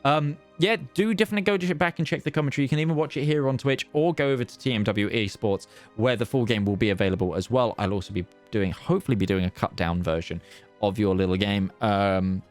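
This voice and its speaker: A man giving live esports commentary, chatty and excitable, full of fillers and restarts. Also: on the low side, fast, faint music behind. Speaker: esports caster.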